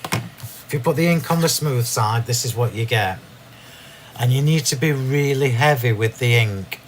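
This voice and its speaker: A man's voice: mid-range voice, moderate pace. A man hosts a live crafting demonstration from his home craft room. He talks in a chatty, rambling way, restarting sentences and laughing at his own mishaps, in an ordinary mid-range voice. A faint background hiss sits under the recording. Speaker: craft demo host.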